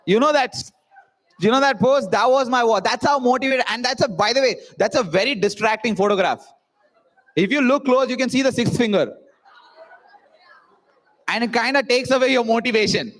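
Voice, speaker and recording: At a student event, a young man from India shares a jokey, self-mocking story with a live crowd, voicing the characters in it. His voice is very high-pitched and fairly bright, at normal speed with long pauses.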